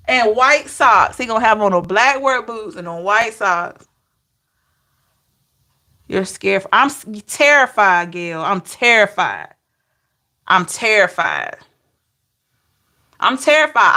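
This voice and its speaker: Chatting loosely with her live-stream audience, this tarot reader laughs, addresses viewers by name, and stretches out disbelieving cries. She has a fairly high pitch and a sharp tone.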